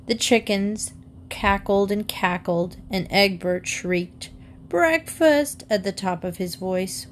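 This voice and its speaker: Woman narrator, children's book read-aloud, slow and animated, faint hiss behind. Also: mid-range voice. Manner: expressive, lively storytelling.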